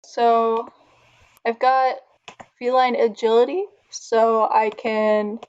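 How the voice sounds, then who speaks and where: A woman's voice: a little high, little pitch movement, slow pace, clean tone, muffled recording. A woman playing a tabletop game, thinking through her turn aloud with hesitant fillers. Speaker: player. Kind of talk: casual tabletop play.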